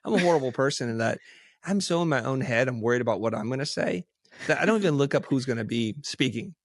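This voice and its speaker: Male podcast guest, middle pitch, animated storyteller who acts out dialogue, dry close mic. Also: fast, no room sound. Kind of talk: casual storytelling.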